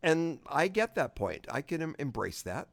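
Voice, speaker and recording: Male podcast co-host, slightly high voice, rambling and jokey, dry studio sound. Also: normal speed, vocal fry, no echo. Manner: joking, rambling, lively. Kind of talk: casual chat.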